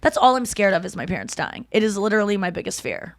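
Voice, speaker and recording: A woman hosting a podcast, telling an emotional story in casual chat, acting out quotes loudly and swearing freely. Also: medium pitch, big pitch swings, quick pace, vocal fry, dry recording, studio quality. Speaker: podcast host.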